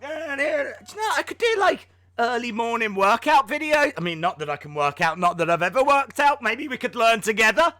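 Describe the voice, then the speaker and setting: A man's voice: very high voice, sing-song, fairly quick, pushed and bright, dry recording. A man hosting a casual live reaction stream, jokey and self-mocking, and out of breath.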